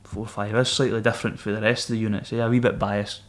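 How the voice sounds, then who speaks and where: Quick and fairly low-pitched, this former Royal Marine from Scotland shares casual stories on a podcast. He swears, stays animated, and laughs in the middle of his stories.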